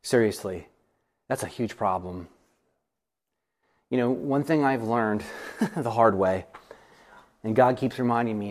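A middle-aged man, a pastor, teaching an informal Bible study in a church, animated and self-deprecating, often acting out quoted voices. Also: on the low side.

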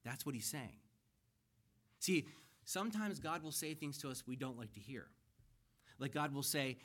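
A man's voice: mid-range voice, moderate pace, long pauses, fairly bright tone. A middle-aged man preaching a sermon to his church, earnest and conversational, building emphasis as he explains scripture. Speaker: pastor. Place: church sanctuary.

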